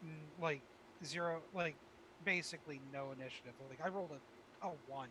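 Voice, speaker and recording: A man's voice: a little high, moderate pace, background noise. A man playing a tabletop game, talking casually and swearing freely. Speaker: player.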